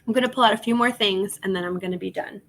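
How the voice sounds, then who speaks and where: A woman's voice: mid-range voice, quick pace, fairly bright tone, slight background noise. A woman hosting a casual reselling livestream, chatting with viewers while she lists items and laughing often. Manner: chatty, laughs often, reads chat aloud.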